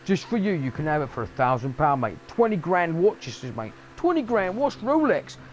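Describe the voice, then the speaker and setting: A man's voice: fairly high pitch, sing-song, normal speed, a little hiss or hum. A man voicing a pushy male street hustler who swears through a wheedling hard sell.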